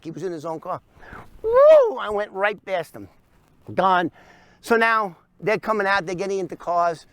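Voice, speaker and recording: A man tells an animated story, punching it up with sound effects. His voice sits high for a man. The sound is dry and close, with no room around it. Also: clear, resonant tone, no echo. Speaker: storyteller recounting his past. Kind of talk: animated first-person storytelling.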